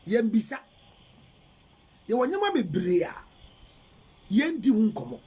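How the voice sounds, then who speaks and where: This middle-aged relationship counselor speaks slowly in a high, husky, dark-toned voice, his pitch swooping wildly. With a Ghanaian English accent, he responds to viewer messages on a live stream, giving emphatic, lecture-style advice and posing rhetorical questions.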